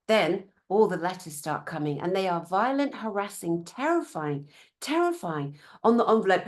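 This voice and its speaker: A woman's voice: mid-range voice, very animated, normal speed. A woman with a British accent speaks as a conference speaker, blunt and sarcastic. She swears freely and slips into mocking voices when she imitates officials. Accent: British English. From Britain. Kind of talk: conference talk.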